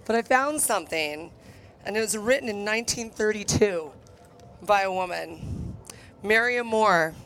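A woman's voice: mid-range voice, lively intonation, a little slow, a little hiss or hum. A woman speaking at an outdoor wedding, chatty and emotional, reading a poem aloud into a handheld microphone. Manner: warm, emotional, chatty with the crowd. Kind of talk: speech and poetry reading at a wedding. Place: outdoor desert gathering. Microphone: handheld microphone close to the mouth.

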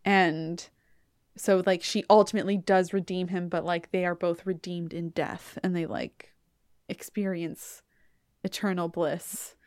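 A woman hosts a podcast in a chatty, animated way, walking through an opera story with plenty of "like". Her voice is smooth and clear. The sound is dry and close to the mic. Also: fairly low pitch, a little slow, dry recording. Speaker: podcast host. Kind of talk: casual retelling of an opera plot.

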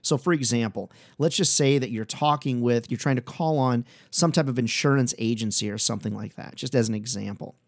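A man hosting a sales training podcast, talking in an energetic, upbeat and conversational way. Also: mid-range voice, dry recording, studio quality. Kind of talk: solo podcast talk.

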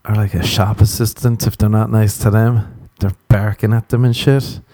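A man's voice: lowish voice, flat delivery, normal speed, dark tone, dry recording. A man talking in a casual comedic monologue, rambling and self-mocking, swearing constantly as he drifts between asides.

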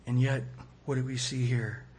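A man preaching a sermon, acting out quoted voices and swinging between loud and soft. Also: mid-range voice, slight background noise. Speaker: pastor.

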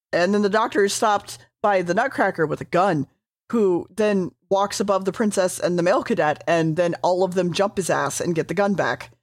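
A woman's voice: fairly low pitch, moderate pace, dry recording. Rambling woman recapping a game session. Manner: rambling, swearing, hedging. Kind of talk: casual storytelling recap.

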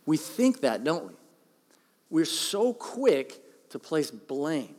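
Middle-aged male pastor, joking sermon delivery, fairly high voice, long hall reverb. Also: slow pace, slightly rough. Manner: conversational, joking, animated.

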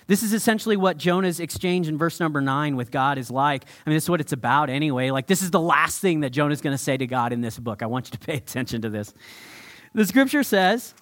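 A man preaching a sermon with energy, acting out quotes and slowing down to stress his points. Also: on the high side. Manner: energetic, acts out quotes, slows down for emphasis. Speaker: pastor.

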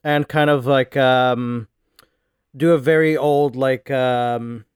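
A man's voice: medium pitch, steady tone, slow, clean tone, no room sound, studio quality. A man as a player in a tabletop game, talking loosely with lots of fillers. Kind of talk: casual tabletop role-play.

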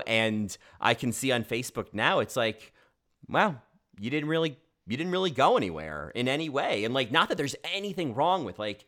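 Man co-host, film chat, lowish voice, lots of "like"s. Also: fairly bright tone. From United States. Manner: chatty, many filler "like"s and restarts. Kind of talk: casual film discussion.

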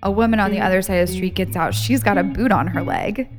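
A woman co-hosting a casual chat show, telling a personal story in an animated way, acting out the voices of the people in it and swearing freely. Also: medium pitch, quick pace. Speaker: podcast co-host. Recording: faint guitar music underneath.

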